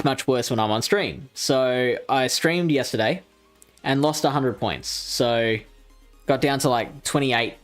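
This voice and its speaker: An Australian man with a mid-range voice hosts a live game stream as streamer and show host. Casual and chatty, he reads chat, thinks out loud while playing, and laughs at himself.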